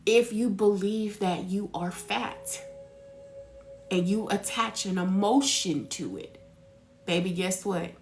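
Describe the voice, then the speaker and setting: Her voice on the low side, a woman delivers an informal spiritual talk as a reader. She tells animated stories and addresses her listeners as "baby."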